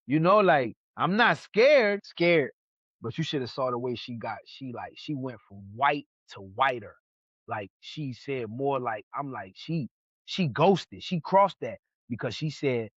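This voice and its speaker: A man from New York hosting a podcast, telling stories in a casual, animated way and acting out what other people said. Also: mid-range voice, no room sound. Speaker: podcast host. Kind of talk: casual storytelling chat. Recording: dull lo-fi sound.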